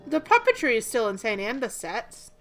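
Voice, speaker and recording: A woman's voice: fairly high pitch, big pitch swings, moderate pace, a bit bright, faint music behind. A young woman hosting a movie reaction, chatting casually to her viewers in a slightly subdued way.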